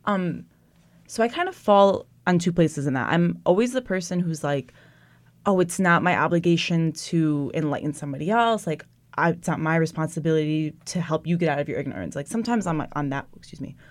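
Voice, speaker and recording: A woman's voice: low-pitched, fairly quick, dry recording. A young woman in casual conversation, frank and wry, telling stories with animation.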